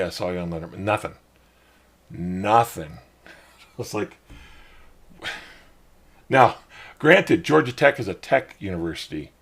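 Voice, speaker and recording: A middle-aged man hosting his own show, telling a rambling personal story in a casual way and getting animated when he quotes other people. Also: low voice, gravelly, breathy edge. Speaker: podcast host.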